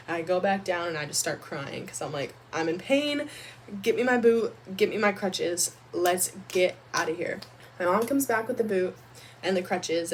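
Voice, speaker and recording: A young woman vlogger telling a storytime about her own life in a chatty, animated way, full of "like". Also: medium pitch, slight background noise. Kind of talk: storytime vlog.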